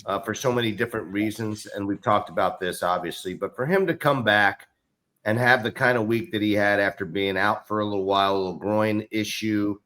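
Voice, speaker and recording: A man's voice: lowish voice, steady tone, brisk, fairly bright tone. Enthusiastic man rambling about baseball. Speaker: co-host. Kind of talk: casual sports podcast chat.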